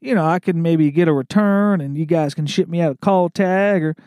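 A man voicing a friendly Southern golf customer. He puts on an exaggerated, slow Mississippi drawl. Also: fairly high pitch, darkish tone, clear, resonant tone, no echo, clean studio sound, lightly acted. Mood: folksy. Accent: put-on Mississippi drawl. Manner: slow, drawn-out and folksy.

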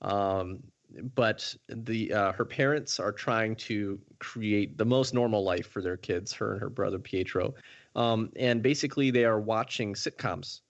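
A man with a low voice co-hosts a podcast. He recaps a show step by step, casual and methodical with plenty of fillers. His audio sounds dull and muffled. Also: measured pace. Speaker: podcast co-host. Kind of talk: casual chat, recapping an episode.

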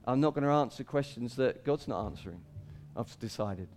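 In a brisk sermon, a man serving as pastor chats casually and laughs between points. His intonation is lively, rising for quoted cries and turning low and quiet when he reads scripture.

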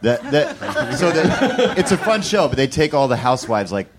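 A male comedian rambling through stories on a live podcast stage, self-deprecating, his pitch swinging widely. Faint noise sits under him. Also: big pitch swings, moderate pace. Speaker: comedian guest.

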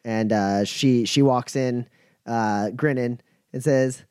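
Relaxed man running a tabletop game. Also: medium pitch, takes it slowly, clear, resonant tone, no echo, studio quality. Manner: relaxed, full of fillers. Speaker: game master.

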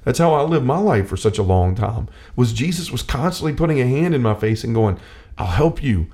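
A man talks through scripture in a relaxed faith discussion. His voice sits in a middle range. He is earnest and personal, trips over his words and restarts, and acts out the lines he quotes. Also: mid-range voice, a little fast. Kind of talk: casual Bible discussion.

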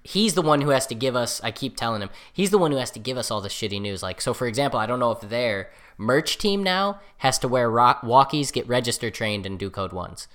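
A young woman co-hosting a podcast in casual chat, animated and swearing freely. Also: extremely low pitch, brisk, few pauses. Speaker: podcast co-host.

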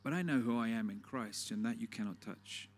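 A man's voice: fairly low pitch, brisk. A man preaching a sermon in a conversational, storytelling way, often asking the listeners questions.

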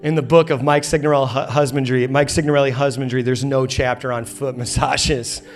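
A man's voice: medium pitch, steady tone, brisk, soft background music. A man in his thirties preaching a sermon in a church auditorium, telling a funny story with lots of energy and playful acted quotes. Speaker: pastor.

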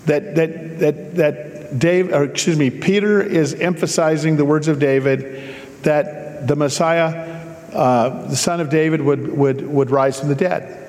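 A man's voice: on the high side, fairly even intonation, measured pace, darkish tone, big-room sound. A man preaching a sermon, reading scripture aloud and breaking off for casual, joking asides to explain it.

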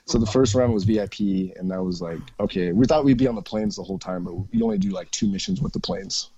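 A man's voice: on the low side, animated, fast talker, vocal fry, mellow, husky, no room sound, muffled recording. A man chatting casually about airsoft games, swearing freely and laughing often. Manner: profane storyteller, laughs often. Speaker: airsoft player and podcast regular. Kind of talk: casual chat.

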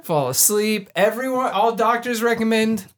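A man's voice: high voice, normal speed, a bit bright. A man co-hosting a podcast in casual chat, teasing stubbornly and talking over his partner. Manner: trails off and restarts when unsure.

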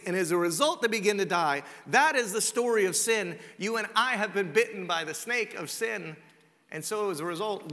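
A male pastor preaching a sermon, swinging between loud and hushed and slowing down to stress points. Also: sits high. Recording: long reverb of a large hall.

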